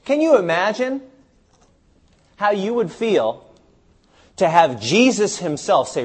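Husky-voiced man preaching a sermon. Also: sits high, wildly swooping pitch, a little slow. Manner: asks the audience many rhetorical questions. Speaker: seminar speaker. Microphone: live seminar recording.

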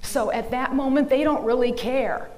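A woman's voice: high-pitched, normal speed, darkish tone. A woman giving an earnest, emphatic talk to a church audience, sometimes dropping into a mocking whisper. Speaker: speaker. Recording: reverberant hall.

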